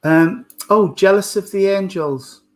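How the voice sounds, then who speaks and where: A man working as a medium, gently giving a live reading and calling the sitter sweetheart and darling. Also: high voice, a little slow.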